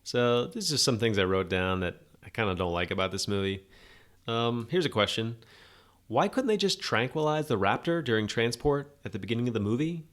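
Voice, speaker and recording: A man's voice: medium pitch, animated, a little fast. A man hosting a podcast, giving a rambling, sarcastic, opinionated movie review in a casual monologue. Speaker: podcast host.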